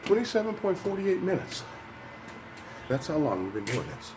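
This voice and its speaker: Slightly out of breath on a stair climb, an older fitness vlogger speaks straight to viewers in an upbeat, encouraging way. His high voice has big pitch swings at normal speed, with background noise present.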